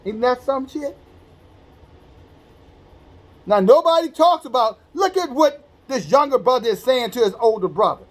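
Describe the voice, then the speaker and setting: A man's voice: very high voice, animated, fairly quick. A man preaching an informal sermon, reading scripture aloud and breaking into blunt, profane street-talk commentary that acts out the quoted voices. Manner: acts out quoted speech in a conversational voice.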